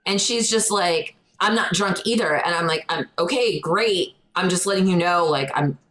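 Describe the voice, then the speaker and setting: As a podcast co-host, a young adult woman shares a story in a casual chat with animated delivery, voicing quotes loudly. She speaks at normal speed with a fairly low pitch and fairly bright tone, on a rough recording.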